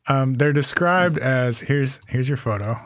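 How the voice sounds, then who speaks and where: A man's voice: mid-range voice, a little slow, a bit bright, no echo, studio quality. A man hosting a podcast in casual comedic chat, teasing his co-host with a wry, profane humor. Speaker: podcast host presenting cryptids.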